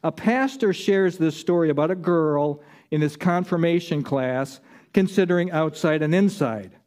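Man, preacher, sermon, high voice, warm tone, emphatic, repeats phrases. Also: normal speed.

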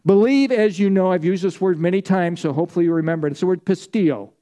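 Preaching at a quick pace, this pastor gives a forceful sermon in a voice that sits high for a man, with a mellow, dark tone instead of a bright one. Repetition drives his points forward, and he invites the congregation to respond.

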